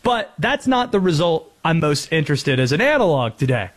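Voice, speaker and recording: Man, sports talk host, high voice, sarcastic, mocks rival fans. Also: sing-song, normal speed. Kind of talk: casual college football debate.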